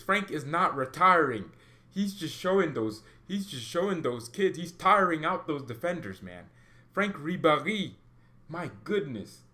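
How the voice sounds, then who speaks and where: A man hosting a football livestream, chatting casually and rambling with excited exclamations, coughing now and then. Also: a little high. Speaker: football channel host.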